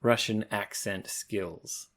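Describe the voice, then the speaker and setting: A man's voice: on the low side, steady tone, takes it slowly, fairly bright tone. A man co-hosting a teaching podcast, reading listener mail in wry, teasing banter. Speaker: podcast co-host, English teacher.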